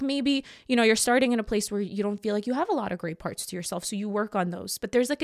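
Calm woman coach, dry close sound. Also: mid-range voice, no room sound. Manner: calm, explanatory, measured. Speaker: guest coach. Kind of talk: reflective podcast talk.

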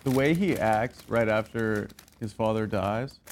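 A man's voice: on the low side, unhurried, slight background noise. A man co-hosting a podcast, teasing and pushing back in casual comedic banter. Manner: teasing, pushy. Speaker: podcast co-host.

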